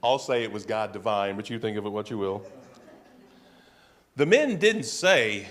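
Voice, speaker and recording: A man's voice: fairly low pitch, animated, moderate pace, long pauses, fairly bright tone. A male pastor preaching a sermon in a conversational way, with offhand asides and emphatic repetition.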